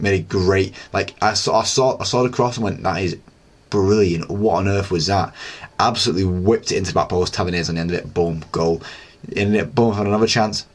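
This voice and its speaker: A young man hosting a casual solo football recap, chatty and excitable, rambling with lots of fillers. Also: deep voice. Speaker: football channel host.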